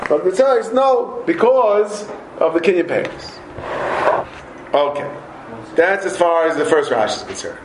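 A man teaches a Talmud class in a lively, animated way, often repeating words and joking with his students. His voice sits a little higher than most men's. The room around him is echoey. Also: a little slow, crowd noise.

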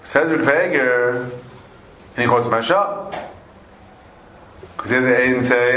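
A man's voice: mid-range voice, normal speed, long pauses. Man teaching a Talmud class in an echoey room. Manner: animated, repeats phrases, weaves in Aramaic and Hebrew terms. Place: classroom with students. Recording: echoey room, faint noise.

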